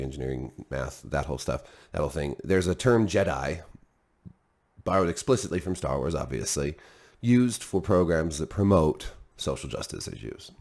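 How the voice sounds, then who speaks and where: Low-voiced blunt male commentator. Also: a little mellow. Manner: blunt, opinionated, off-the-cuff. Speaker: commentary host. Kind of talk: casual opinion commentary.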